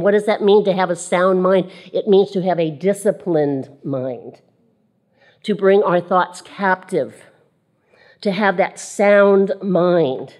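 A woman preaching a sermon to women, reading scripture and repeating key phrases for emphasis. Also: medium pitch. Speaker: women's ministry speaker.

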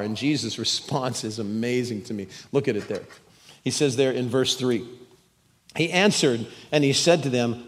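A man's voice: medium pitch, moderate pace, in a large hall. A man preaching a sermon, earnest and emphatic, often repeating words as he builds a point. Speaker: pastor.

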